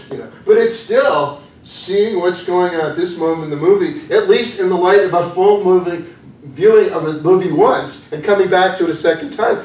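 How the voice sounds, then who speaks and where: A man giving an academic lecture, thoughtful and hesitant, often pausing with "um" as he works through his ideas. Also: fairly high pitch, a little mellow. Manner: thoughtful, hesitant with frequent ums. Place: lecture room. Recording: echoey room from a distance with faint noise.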